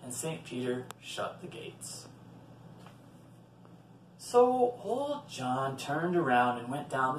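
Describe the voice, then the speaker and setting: A man reading a folktale aloud in an expressive storytelling manner. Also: medium pitch, takes it slowly, pauses often, a little hiss or hum. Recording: roomy, from a distant mic.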